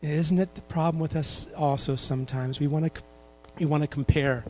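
A man's voice: on the high side, steady tone, faint music behind. A man preaching a sermon, drawing the congregation into repeating verses and adding light humorous asides. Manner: quotes King James scripture with slow emphasis.

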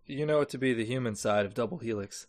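A man's voice: mid-range voice, fast talker. A man narrating as game master in a tabletop game, loose and hesitant with fillers.

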